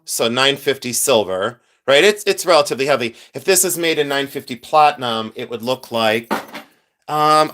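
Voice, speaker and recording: A man's voice: medium pitch, fairly bright tone. Chatty man hosting a jewelry live stream. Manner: chatty, rambling, reads chat aloud, laughs often. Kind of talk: casual live-stream chat.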